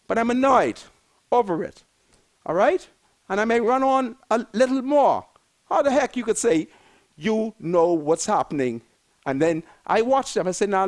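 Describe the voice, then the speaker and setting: High, lively older Bahamian man ranting. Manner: emphatic, repetitive, preachy. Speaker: political commentator. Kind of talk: fiery political rant.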